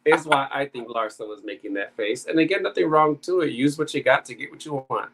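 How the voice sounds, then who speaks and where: A man's voice: medium pitch, a little fast, a bit bright, poor audio. A man co-hosting a podcast, giving frank, opinionated takes on a reality TV episode in casual talk. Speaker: podcast co-host.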